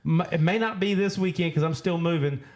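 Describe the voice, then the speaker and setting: Man, podcast host, slightly high voice, casual joking chat, drawn-out fillers. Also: a little mellow.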